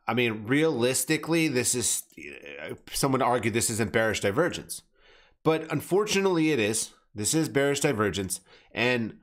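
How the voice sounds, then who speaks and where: A man's voice: mid-range voice, a bit bright. Brash man talking crypto charts. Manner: blunt and brash, swears, calls viewers fam; self-correcting, restarts phrases. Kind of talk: casual market commentary over charts.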